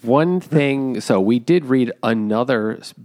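A man's voice: medium pitch, expressive, measured pace, darkish tone. A man co-hosting a casual podcast, laid-back and making brief remarks. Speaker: podcast co-host. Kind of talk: casual chat.

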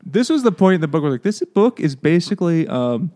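A man's voice: on the high side, big pitch swings, fairly quick, warm tone. A man co-hosting a casual book-club podcast, laughing often and acting out quotes in a raised voice. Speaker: podcast co-host.

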